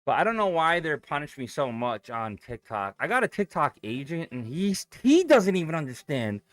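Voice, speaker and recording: A man's voice: fairly high pitch, big pitch swings, normal speed, no room sound. Young guy streaming and chatting, swears a lot, voice jumps all over, dry close mic. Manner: loose and profane, thinking aloud. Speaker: day trading streamer. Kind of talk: casual live-stream chat, reading viewer comments.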